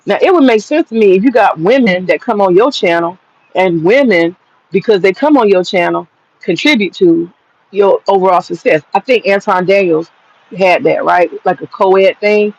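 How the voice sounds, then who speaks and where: A man's voice: sits high, moderate pace, gravelly, muffled recording. A man hosting an online commentary monologue, talking in a blunt, profane and mocking way.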